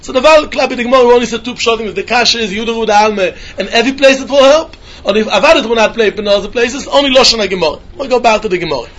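A man teaches a Talmud lesson in yeshiva style. His voice sits very high and he talks at a rapid clip. He slips into a sing-song study chant as he explains the text. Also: a bit bright, dull audio. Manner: quick sing-song study chant, mixing English with Hebrew and Yiddish.

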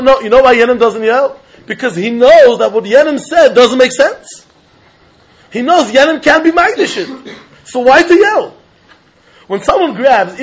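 A man giving a Talmud lecture, animated and chuckling as he acts out both sides of an argument. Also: extremely high pitch, husky. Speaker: Talmud teacher. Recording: dull lo-fi recording.

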